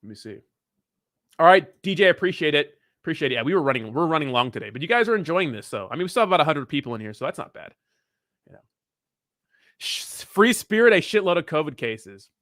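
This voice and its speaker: A man's voice: on the high side, big pitch swings, quick pace, a bit bright, dry recording, clean studio sound. A young man hosting a casual livestream, answering viewer comments in a blunt, profane, rambling way. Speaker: crypto livestream host.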